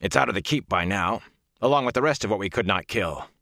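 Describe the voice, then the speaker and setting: A man's voice: lowish voice, expressive, quick pace, gravelly, dry recording, studio quality, heavily acted. Man voicing an anguished, raging warrior lord. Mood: grim. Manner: stern, bursts into shouting anguish. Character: anguished proud male warrior lord, middle-aged. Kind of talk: audiobook character voice.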